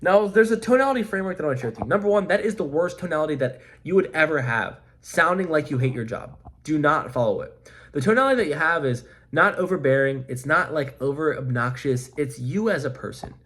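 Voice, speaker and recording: Fast-talking energetic sales coach man. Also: on the high side. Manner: emphatic and repetitive, energetic pep-talk delivery. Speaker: life insurance sales coach. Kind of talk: motivational coaching monologue to camera.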